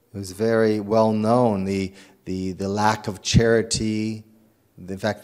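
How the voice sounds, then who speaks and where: A man, a priest, preaching a sermon in an earnest, storytelling way, with frequent restarts and repeated words. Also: mid-range voice. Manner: earnest, animated storytelling with acted quotes.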